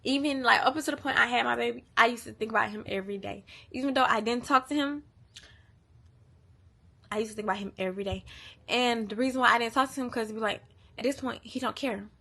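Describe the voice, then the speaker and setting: A woman's voice: on the high side, fast, gravelly, bright, forceful tone. A woman, venting candidly and emotionally to the camera, profane and repeating herself. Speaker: vlogger.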